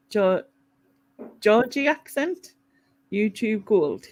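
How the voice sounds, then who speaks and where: A woman's voice: on the low side, unhurried. A woman with a Mackem accent from North East England, hosting a casual live chat, laughing often and reading out viewers' comments. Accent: Mackem (Sunderland). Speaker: live stream host.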